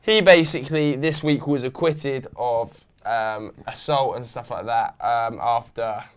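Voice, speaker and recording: Smooth-voiced young man. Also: mid-range voice, measured pace. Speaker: show regular. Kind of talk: casual chat among friends.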